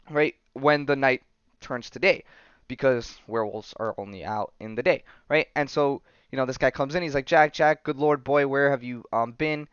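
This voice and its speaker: A man hosting a podcast, recapping a comic book in a loose, rambling way full of fillers and tag questions. His voice is clear and mid-pitched. The recording is dry and slightly dull. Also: a bit bright, no room sound. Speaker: podcast host.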